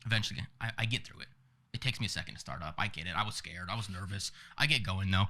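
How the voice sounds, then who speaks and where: Young man, quick animated storyteller, very bright forceful voice, self-mocking podcast co-host. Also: deep voice. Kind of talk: casual storytelling.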